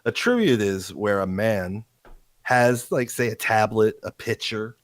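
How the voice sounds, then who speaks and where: A man's voice: lowish voice, a little slow, no echo. A man co-hosting a stream, telling crude stories casually. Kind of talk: casual chat.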